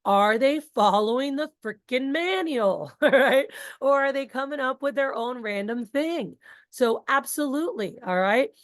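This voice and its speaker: A woman leading a sales training session in an animated, chatty, casual way. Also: sits high, measured pace, dry recording, clean studio sound. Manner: animated, talkative, casual asides. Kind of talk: energetic group training talk.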